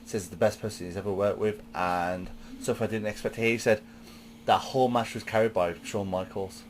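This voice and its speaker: A hoarse man, a wrestler co-hosting a casual chat, rambling through stories with restarts. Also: fairly low pitch, steady tone, brisk, slight background noise. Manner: rambling storyteller, stammers and restarts. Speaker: podcast co-host, wrestler.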